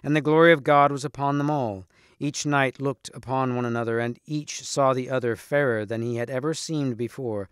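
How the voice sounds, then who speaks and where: Man narrating a storybook, steady and expressive, mid-pitched, dry close mic. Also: clear, resonant tone, no echo. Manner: measured, expressive. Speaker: reader. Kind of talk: storybook read-aloud.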